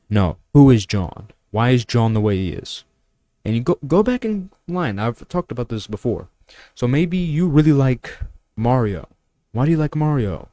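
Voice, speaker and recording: A man's voice: medium pitch, lively intonation, fairly quick, warm tone, no echo. A young man vlogging mindset and money advice in a blunt, preachy way, firing off rhetorical questions with crude asides. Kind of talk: casual talking-head monologue.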